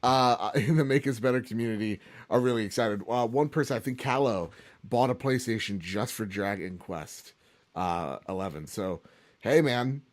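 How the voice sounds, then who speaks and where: A man's voice: on the low side, normal speed. Joking man, casual podcast host. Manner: joking, rambling, lots of fillers. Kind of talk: casual chat.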